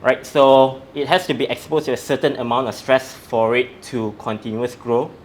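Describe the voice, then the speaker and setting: A man's voice: mid-range voice, fairly even intonation, moderate pace, a little hiss or hum. A man, a strength coach, explaining in an interview in a methodical, step-by-step way. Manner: methodical, breaks facts down step by step.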